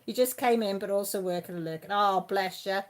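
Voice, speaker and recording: A woman's voice: medium pitch, fairly quick. Chatty woman reading live chat. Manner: chatty, laughs often, answers viewers by name. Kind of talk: casual live-stream chat.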